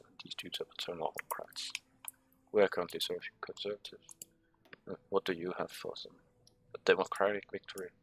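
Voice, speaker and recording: A man's voice: low voice, a bit bright, slightly rough. A man giving casual strategy game commentary, reading menu text aloud with sarcastic, muttered asides. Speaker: gameplay commentator.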